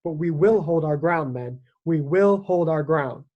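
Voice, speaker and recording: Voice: medium pitch, a little slow, a little mellow, dull audio, lightly acted. Commanding army captain, rousing, firm, read aloud by a storyteller, storybook battle scene. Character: stern Union army captain rallying his men.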